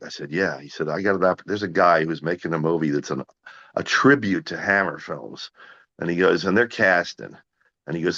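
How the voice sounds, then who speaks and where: A man's voice: low-pitched, lo-fi sound. A middle-aged man, an actor being interviewed, telling long anecdotes with many stammered restarts and acted-out quotes of other people. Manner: animated anecdotes, acts out others' lines, frequent stammered restarts. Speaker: actor guest. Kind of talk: casual interview storytelling.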